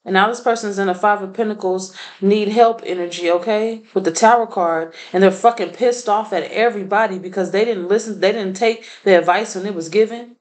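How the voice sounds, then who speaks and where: A woman's voice: mid-range voice, brisk, hardly any pauses, rough recording. A woman doing a casual tarot reading, blunt and profane, laughing often. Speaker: tarot reader.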